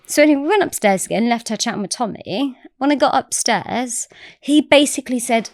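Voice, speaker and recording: A woman's voice: fairly high pitch, animated, a little fast, no room sound, clean studio sound. A woman telling a story as a podcast guest, chatty and swearing freely. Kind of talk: casual storytelling.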